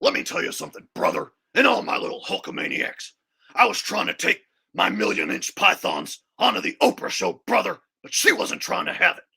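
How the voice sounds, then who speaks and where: A man impersonating a boastful male pro wrestler who preaches to his young fans in a hoarse, half-whispered rasp. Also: high-pitched, huge pitch swings, sharp tone, full character voice. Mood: preachy, boastful. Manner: rapid preachy bravado, calls everyone "brother".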